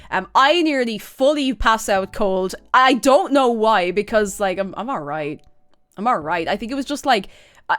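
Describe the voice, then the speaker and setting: An Irish woman streamer chatting casually and telling a story, laughing often and rambling through asides. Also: mid-range voice.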